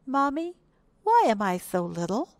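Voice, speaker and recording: An eager little boy hippo from a storybook, high and bright with childlike excitement, as a woman reads him out. The sound is close and dry, with no room around it. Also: a little slow, dry recording. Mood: pleading. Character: small young male hippo, eager.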